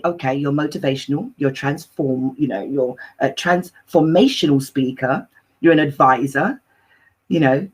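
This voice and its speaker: A talk show host with a husky, breathy voice, chatting effusively on a live online stream. The delivery rambles and gushes, with a voice that sits in a medium register. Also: mid-range voice. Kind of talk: lively live-stream chat.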